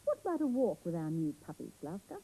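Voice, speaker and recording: A woman voicing a gentle, careful father in a children's story, speaking in a firm, cautioning way. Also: on the high side, huge pitch swings, fast talker, breathy edge, pitched below the performer's own voice, full character voice, poor audio. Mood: kindly. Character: gentle careful dad, adult man.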